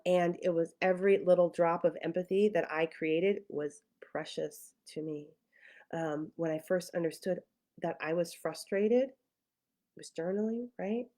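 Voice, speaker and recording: A woman's voice: fairly low pitch, darkish tone. A woman therapist talking casually, thinking aloud with many fillers and restarts, and sometimes acting out her own past feelings. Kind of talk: casual talk to camera.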